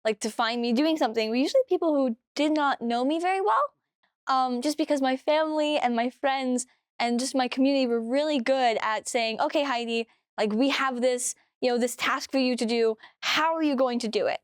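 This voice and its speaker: A woman's voice: high-pitched, a little fast, no room sound, studio quality. A young woman in an interview, reflecting on her own growing up in a thoughtful, articulate way. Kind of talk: personal interview.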